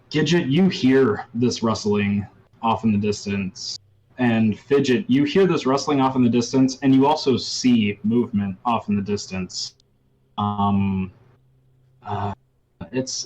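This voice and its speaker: Male game master, unhurried, hesitant delivery, faint hiss behind. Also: medium pitch, a little mellow, low-quality recording. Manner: halting, full of "like" and restarts. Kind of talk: narrating a tabletop game.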